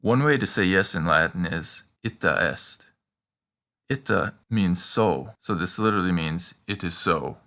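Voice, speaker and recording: A man teaching a scripted language lesson, prompting the listener with questions and slowing down for the example sentences. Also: deep voice, expressive, pushed and bright.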